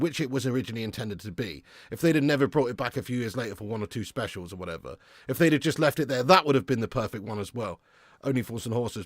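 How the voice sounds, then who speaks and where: Between bursts of excitement at the football, a young man casually chats and responds to viewer comments while hosting a live watch-along. His mid-range voice comes through in clean studio sound with no room noise.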